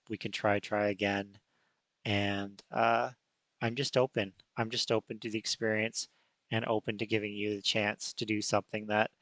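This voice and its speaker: A male podcast host who is losing his voice, talking in a halting way with many restarts. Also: on the low side, a bit bright, no echo. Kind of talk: casual unscripted chat.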